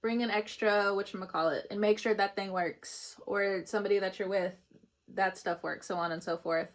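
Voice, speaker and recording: A woman's voice: medium pitch, fairly even intonation, normal speed. Chatty, laughing woman tarot reader. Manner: chatty, laughs often, emotional asides. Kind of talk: casual spiritual reading.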